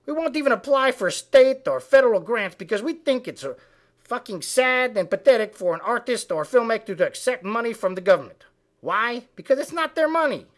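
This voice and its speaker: A man voicing a foul-mouthed, indignant male frog who delivers a comic political rant with profane, shouted tirades. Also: extremely high pitch, expressive, brisk. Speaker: web comedy ranter.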